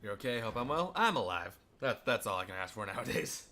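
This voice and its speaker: A man's voice: lowish voice, very animated, fairly quick, bright, forceful tone. A man streaming a game, chatting casually with viewers, swearing and laughing between lines. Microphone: headset or desk mic.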